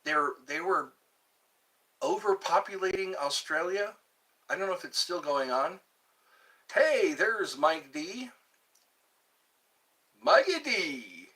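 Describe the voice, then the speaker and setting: Male streamer, meandering chat, lively pitch, slow pace. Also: far from the mic, poor audio. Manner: meandering, muses aloud, tries out pickup lines. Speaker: channel host. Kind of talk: rambling livestream chat.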